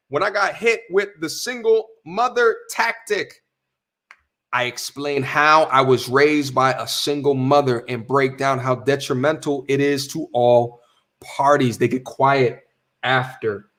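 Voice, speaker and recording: A young man hosts a casual livestream, talking animatedly and reading viewer messages aloud. His voice sits fairly high and sounds bright and forceful. He repeats himself often and drops slangy shout-outs. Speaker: livestream host.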